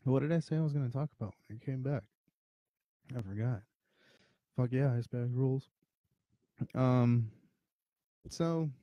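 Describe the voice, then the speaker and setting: A man's voice: medium pitch, warm tone, no echo. A slightly drunk man hosting a podcast, rambling and swearing in casual chat. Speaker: podcast host.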